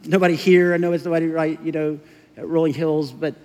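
A middle-aged man preaching a sermon as pastor, telling stories in a casual, conversational way with quick acted asides. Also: a little high, flat delivery, a little mellow. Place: church sanctuary. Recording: long hall reverb.

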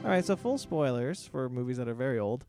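A man's voice: mid-range voice, expressive, fast, music in the background. A young man hosting a podcast in casual chat, hesitant and full of ums. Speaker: podcast host.

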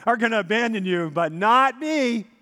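A preacher putting on an impulsive, fiercely loyal disciple who insists he will never turn away, swinging his voice up and down with bold, emphatic promises. The voice is a high, lively man's voice with a long church-hall reverb behind it. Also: normal speed. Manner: boastful, emphatic protest.

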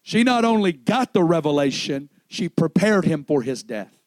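A man preaching a sermon in a somewhat high voice, caught dry and close with almost no room sound. He swings between loud exclamation and hushed storytelling, and acts out the dialogue of the stories he tells. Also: big pitch swings, normal speed, dry recording.

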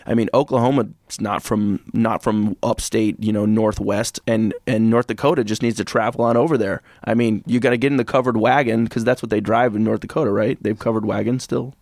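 Animated man ranting about sports. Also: fairly low pitch, fairly quick, few pauses, no room sound, studio quality. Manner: animated, jokey, prone to rants. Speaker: podcast co-host. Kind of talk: casual sports betting chat.

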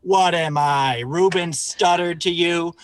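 A man's voice: on the high side, slow, slight background noise. A man co-hosting a comedy podcast, telling a mock stand-up story in an exasperated, ironic, rambling way.

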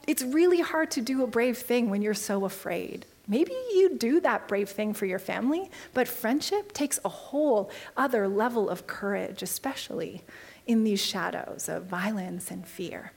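Conversational woman preacher with hushed asides. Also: on the high side, moderate pace, gravelly. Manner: animated, conversational, drops to a hushed near-whisper for emphasis. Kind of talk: conversational sermon.

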